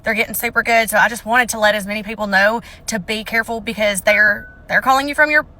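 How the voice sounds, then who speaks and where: Animated woman telling a scam story. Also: medium pitch, quick pace. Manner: animated, acts out the call in quoted voices. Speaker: scam call victim. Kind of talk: casual storytelling to camera.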